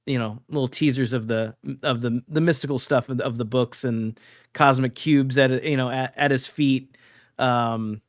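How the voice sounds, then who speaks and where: A man as an interview guest, speaking in a relaxed, hesitant way with plenty of ums and uhs. His voice is of middling pitch, and the sound is dry and close. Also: moderate pace, dry recording. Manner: relaxed, many fillers and restarts. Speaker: guest artist. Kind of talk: casual interview chat.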